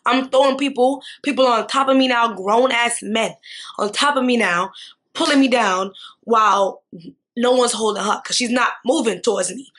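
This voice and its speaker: A young woman vlogger telling a storytime, animated and slangy. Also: on the high side, moderate pace. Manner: animated, slangy, repeats tag questions. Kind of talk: storytime vlog.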